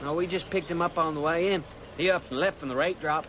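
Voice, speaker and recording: An actor playing an evasive young farmhand in a radio drama, with a quick, folksy, play-dumb drawl. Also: male voice, on the high side, fairly even intonation, lightly acted. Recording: dull, with clear hiss.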